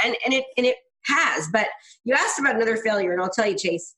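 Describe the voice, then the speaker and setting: A fast-talking woman with a voice on the high side appears as a guest, a real estate business coach sharing candid stories. Animated and frank, she quotes herself and others in voices throughout the interview.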